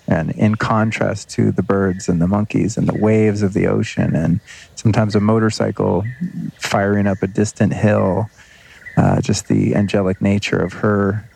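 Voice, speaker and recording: A podcast host with a fairly low, creaky, slightly rough and somewhat mellow voice talks through his experiences in an unscripted, reflective monologue. He's earnest and rambling, swearing casually as he goes.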